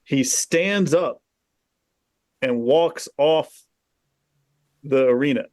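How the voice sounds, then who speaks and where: A man co-hosting a casual podcast chat, telling stories with animated energy, swearing freely and laughing as he goes. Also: a little high, drawn-out words, dry recording, studio quality. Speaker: podcast co-host.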